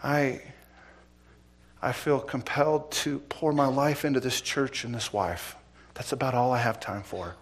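A middle-aged male pastor delivers a sermon, putting pointed questions to the congregation and alternating between loud emphasis and quiet asides. His mid-range voice is steady and a little slow.

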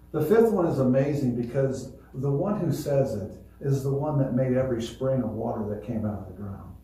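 A man preaching a sermon as pastor, earnest and swelling louder on key points. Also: mid-range voice. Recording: echoey hall, voice from far off.

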